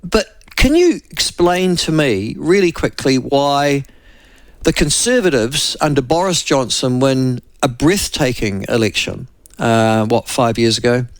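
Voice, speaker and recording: A man's voice: mid-range voice, animated, unhurried, dry recording. A man hosting a radio talk show, interviewing a guest in a loose, chatty way with fillers and restarts.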